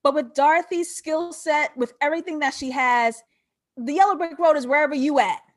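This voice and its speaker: A woman with a high voice talks through a film for her live viewers. Her commentary is loose and animated, full of swearing and easy laughter as she speaks straight to the audience. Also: a little fast. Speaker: host of a film breakdown show. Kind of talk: casual live-stream commentary.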